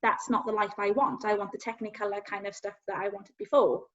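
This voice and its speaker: A woman guest telling her personal story in an earnest, halting, self-searching way. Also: medium pitch, little pitch movement, fairly bright tone. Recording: dull lo-fi sound.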